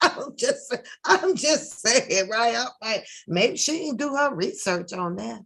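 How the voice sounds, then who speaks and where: A woman's voice: fairly high pitch, expressive, slow, a bit bright, breathy edge. A woman giving casual reaction commentary, talking bluntly with plenty of profanity, rambling, and throwing in sarcastic asides. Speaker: reaction video host.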